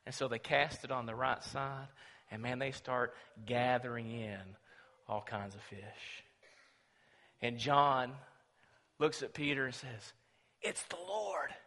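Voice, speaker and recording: Forceful preacher in a big hall. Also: male voice, medium pitch, fairly even intonation, slow pace. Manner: dramatic storytelling, swings between loud and hushed. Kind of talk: sermon. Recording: long reverb of a large hall.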